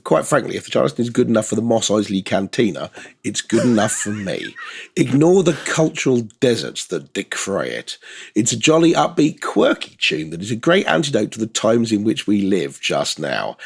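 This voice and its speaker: Gravelly, husky man with a swooping voice. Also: medium pitch. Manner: wry, joking asides. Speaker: podcast co-host. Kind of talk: casual tech podcast chat.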